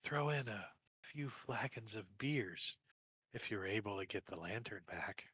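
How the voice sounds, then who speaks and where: A man voicing a halting woman innkeeper. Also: low voice, expressive, dry recording, lo-fi sound. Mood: pleading. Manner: halting, drops to a whisper. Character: soft-spoken female innkeeper offering a deal.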